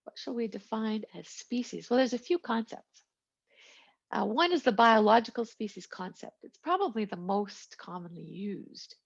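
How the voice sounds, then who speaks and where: Female instructor, chatty lecture delivery, husky voice, dull lo-fi recording. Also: fairly high pitch, lively intonation, moderate pace. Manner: chatty, digressive lecturing with asides and jokes. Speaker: biology instructor. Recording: lo-fi, muffled recording.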